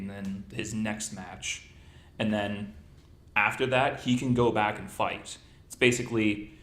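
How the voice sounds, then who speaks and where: A man's voice: on the low side, echoey room. A man hosting a podcast in casual chat, telling stories and joking. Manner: animated storyteller, jokey. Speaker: podcast host.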